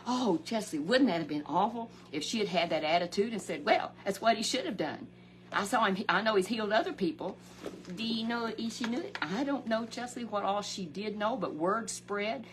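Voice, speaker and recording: A woman telling a Bible story for children in a homespun, chatty way, often rising into excited exclamations. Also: normal speed, a little hiss or hum. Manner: animated, exclamatory, swoops high on emotional words; chatty, homespun, talks straight to the listener. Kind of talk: folksy Bible story told to a puppet.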